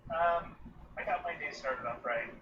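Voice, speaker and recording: A man's voice: fairly high pitch, a little slow. A man playing a tabletop game, joking in an offhand way. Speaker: player. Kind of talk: casual tabletop play. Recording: distant echoey mic, noisy and dull.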